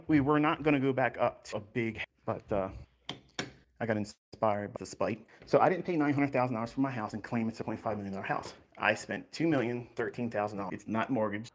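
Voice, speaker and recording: Give me a low-voiced man in his fifties talking casually and boastfully, laughing often, voice strained by pain. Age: 50s. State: in back pain, voice sometimes strained. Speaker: host giving a house tour. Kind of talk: casual livestream walkthrough.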